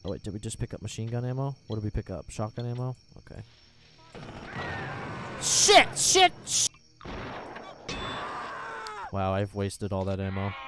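A young man commentating his own game as he plays, reacting loudly with panicked yelling, curses and laughter. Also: on the low side, brisk, pauses often, slight background noise. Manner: loud, jumpy reactions, swearing and panicked yelling. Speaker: gaming YouTuber. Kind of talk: let's play commentary.

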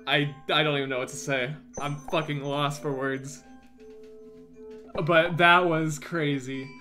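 A young man in his early twenties streams a game, his high, bright voice straining from all the screaming. He shouts and swears in elation, drawing the words out slowly, with faint music playing behind him. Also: creaky. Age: early 20s. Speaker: gaming streamer. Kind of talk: excited gaming stream commentary.

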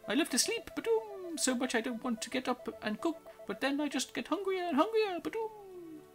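A woman's voice: very high-pitched, lively intonation, moderate pace, faint music behind, voice pushed up. A woman voicing a lazy little male forest brother who loves to sleep and eat. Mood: whiny. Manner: drowsy whine, chirpy "ba-doom" tags.

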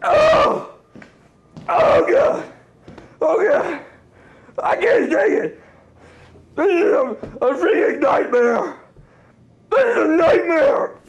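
A man's voice: very high-pitched, sing-song, takes it slowly, pauses often, a little hiss or hum, exaggerated voice, low-quality recording. A man playing a melodramatic, lonely young man who whines and shrieks through theatrical rants in a comedy sketch. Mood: hysterical.

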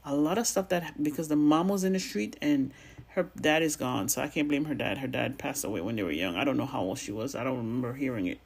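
A woman's voice: a bass voice, fast, gravelly, a little mellow, husky. A woman with a noticeable accent giving blunt, sassy, profane commentary in a casual vlog. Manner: has a non-standard accent of her own. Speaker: gossip commentary vlogger.

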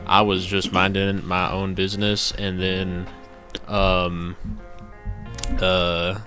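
A young man co-hosting a podcast, slowly feeling his way through an improvised comedy story. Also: low-pitched, monotone, bright, forceful tone, faint music behind. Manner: hesitant, playful storytelling. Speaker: podcast co-host.

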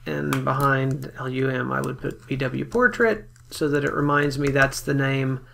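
A man giving a relaxed, step-by-step photo editing software tutorial, talking casually with fillers as he works. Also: medium pitch, normal speed, gravelly, slight background noise. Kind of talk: screen-recorded software tutorial.

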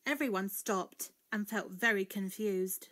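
A woman narrating a children's storybook in an expressive read-aloud style. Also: medium pitch, unhurried.

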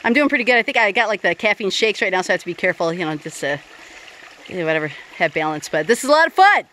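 A woman's voice: lowish voice, very fast, sharp tone, a little hiss or hum. A woman hosting a casual hiking vlog outdoors on a creek trail, chatty and upbeat with lots of fillers. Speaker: vlog host.

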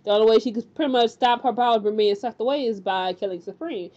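Woman, higher voice, chatty TV recap host who acts out lines; slightly dull lo-fi sound. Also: fast talker. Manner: animated, chatty, lots of fillers and acted-out quotes. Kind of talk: casual spoken recap.

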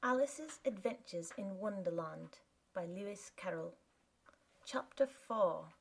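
A woman narrating a classic novel as an audiobook, with a soft, breathy reading manner. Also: mid-range voice, lively intonation, slow pace, rough recording. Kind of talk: scripted narration.

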